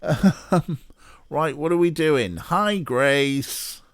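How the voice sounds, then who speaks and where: A man's voice: fairly high pitch, drawn-out words, dry recording, clean studio sound. A Welsh man chatting casually and swearing now and then while streaming a game. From Wales. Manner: chatty, swears, laughs easily. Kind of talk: casual let's play chat.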